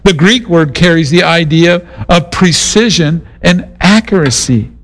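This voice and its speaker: A man's voice: on the high side, measured pace, a bit bright, rough recording. A middle-aged man preaching a sermon in a casual, conversational way, mixing Bible teaching with a personal story. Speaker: pastor.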